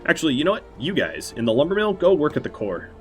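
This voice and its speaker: This let's-play streamer speaks fast and very animatedly in a fairly high voice, with faint music playing behind him. Using a headset mic, he works through a strategy game, reasoning out loud and poking fun at himself in a dry way.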